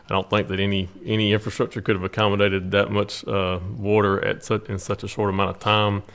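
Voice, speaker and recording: Low, flat, gravelly man at a council meeting. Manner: measured, many filler ums. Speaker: city official reporting to council.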